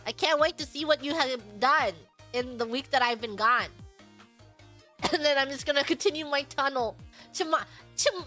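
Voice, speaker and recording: Giggly high-voiced young woman streamer. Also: normal speed, faint music behind. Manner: giggly, bubbly, excitable. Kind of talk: casual stream chat.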